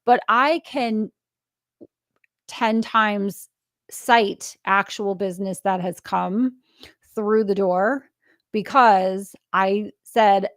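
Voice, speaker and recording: A middle-aged woman hosting a podcast, chatting casually and telling stories with lively acted-out quotes and frequent laughter. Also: mid-range voice, extremely slow, dry recording, clean studio sound. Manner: animated storyteller acting out quoted dialogue; laughs often mid-story. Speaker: podcast host. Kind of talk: casual interview conversation.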